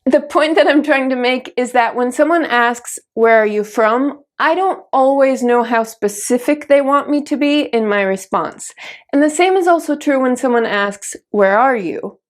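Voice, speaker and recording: A woman with a Midwestern American accent delivers a scripted English lesson. Her voice sits a little high, and she speaks clearly and carefully, walking through example sentences one by one. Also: moderate pace. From Minnesota, United States. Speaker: English teacher.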